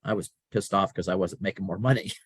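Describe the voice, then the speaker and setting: Middle-aged male guest, lowish voice, dry close mic, lively storyteller. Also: fast, breathy edge, dry recording. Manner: animated, acts out quoted dialogue. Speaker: podcast guest. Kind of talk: conversational storytelling.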